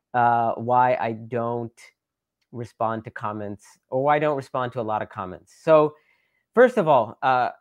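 A man's voice: mid-range voice, no room sound. Rambling man on a dry, close mic. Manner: rambling with many fillers and restarts; repeats phrases with shifting emphasis. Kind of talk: casual live talk.

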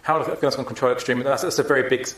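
A man's voice: mid-range voice, fairly even intonation, rapid-fire, echoey room, noisy background. A man giving a public talk and taking audience questions, speaking emphatically with frequent restarts.

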